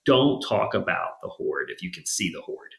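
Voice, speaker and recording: A man with a fairly low voice chats as a guest on a podcast. He tells stories in a loose, rambling way full of fillers. The recording has a roomy echo. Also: very animated, moderate pace, gravelly, fairly bright tone. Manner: rambling, filler-heavy storytelling. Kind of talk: casual interview chat.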